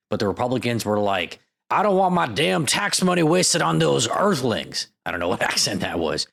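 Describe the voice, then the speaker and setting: A man hosting a scripted comedy podcast, narrating with sarcastic, self-mocking asides and dropping into silly voices. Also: medium pitch. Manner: lively, jokey delivery with silly voices. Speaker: podcast host.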